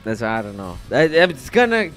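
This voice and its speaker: Animated, profane podcast host. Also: male voice, medium pitch, normal speed, faint music behind. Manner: loose, profane and joking. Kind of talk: casual chat.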